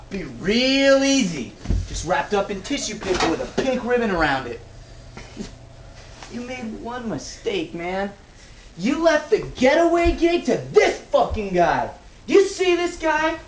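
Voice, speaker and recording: An actor playing a volatile armed robber who shouts profane orders. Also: male voice, high-pitched, roomy sound, low-quality recording. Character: volatile armed male robber, crude and bossy. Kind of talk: indie film acting.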